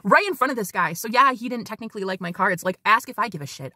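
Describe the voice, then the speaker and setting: A woman tarot reader giving a casual spiritual reading, chatty and animated, swearing freely as she talks to her viewers. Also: medium pitch, fast talker, no echo, studio quality.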